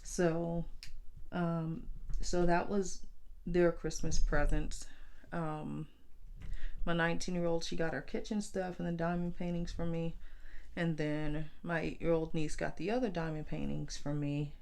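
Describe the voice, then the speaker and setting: A woman vlogging about crafts, telling family stories in a casual, animated way and voicing the people she quotes. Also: low voice, measured pace, creaky. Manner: animated, acts out family members in quoted dialogue. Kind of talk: casual storytelling chat.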